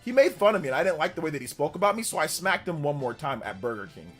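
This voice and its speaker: A man in his thirties hosts a livestream and tells a story in casual talk. His pitch swings widely as he acts out the moments. Faint music plays under his voice. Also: very fast. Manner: animated, with exaggerated voices for quoted people. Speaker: livestream host.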